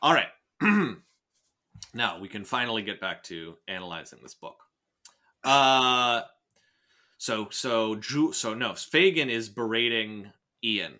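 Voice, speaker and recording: A man's voice: fairly low pitch, animated, slow, sharp tone. A man hosting a casual podcast, rambling and joking, with frequent swearing and restarts as he picks apart a novel. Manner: rambling, jokey, swears often, many restarts. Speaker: podcast host reading and analyzing a novel.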